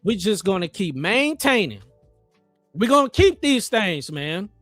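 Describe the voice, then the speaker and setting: Hype trading stream guy, slow easy talk, dry close sound, faint music behind. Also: high-pitched, no echo. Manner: animated, joking, motivational. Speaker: trading livestream host. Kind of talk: casual chat while live trading.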